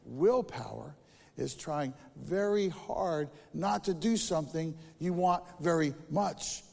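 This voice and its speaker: An earnest storybook frog, read aloud by a man in a sermon, speaking slowly and insistently. The voice sits fairly high. It rings with a long echo of a church hall. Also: creaky, darkish tone, heavily acted. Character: fussy male frog, earnest about willpower.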